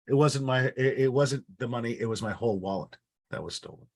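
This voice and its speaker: A man's voice: mid-range voice, a little fast, a little mellow. A man leading an online workshop. He talks casually and often repeats words and restarts his phrases. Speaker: workshop facilitator.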